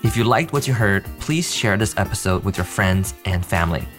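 A man co-hosting a podcast, narrating and asking questions in a calm, even way. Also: on the low side, brisk, over loud music. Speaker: podcast host. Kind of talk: scripted narration.

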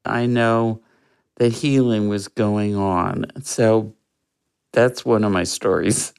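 A guest telling a personal story in an interview, in an earnest, reflective way with soft laughs. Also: mid-range voice, steady tone, slow, gravelly, clean tone.

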